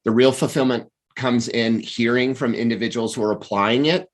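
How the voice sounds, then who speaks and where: A middle-aged American man, a coach and author, telling his life story as a guest in a casual interview, with animated pacing and frequent restarts. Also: mid-range voice, moderate pace. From United States.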